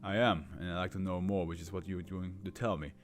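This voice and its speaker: A man's voice: deep voice, flat delivery, soft background music, pitched below the performer's own voice, close to an everyday voice. A man doing a probing police interrogator. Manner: measured, probing questions. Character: persistent male police interrogator.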